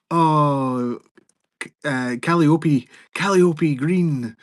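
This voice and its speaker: A man's voice: mid-range voice, moderate pace, no room sound, clean studio sound. A man hosting a selling live stream, chatting in a rambling, joking way. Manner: rambling, jokey, self-interrupting. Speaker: livestream seller host. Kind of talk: casual live-stream chat.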